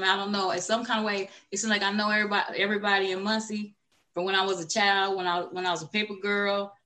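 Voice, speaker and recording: A woman's voice: mid-range voice, sharp tone. A woman guest on a talk show, speaking modestly and hesitantly with many fillers. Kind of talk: casual interview talk.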